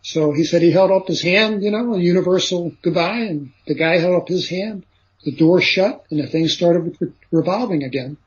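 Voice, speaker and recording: A man's voice: sits high, normal speed. A man, a guest on an interview show, recounting a story at length in a rambling way, full of fillers and "he says" asides. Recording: dull lo-fi radio recording.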